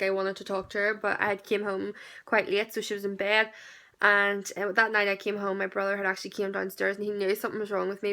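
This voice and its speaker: A woman's voice: mid-range voice, fairly bright tone. A young woman in her late teens, telling a personal story in a chatty, candid vlog with lots of fillers. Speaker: vlogger.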